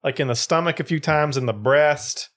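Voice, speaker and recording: A man's voice: fairly high pitch, normal speed, fairly bright tone. A young man co-hosting a casual podcast, retelling a story with lots of swearing and acted-out quotes.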